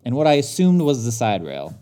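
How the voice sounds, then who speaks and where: A man's voice: mid-range voice, a little fast, faint music behind. A man co-hosting a podcast, telling a story in casual chat and getting worked up as he goes. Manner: animated, gets worked up, mimics others in his story. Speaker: podcast co-host.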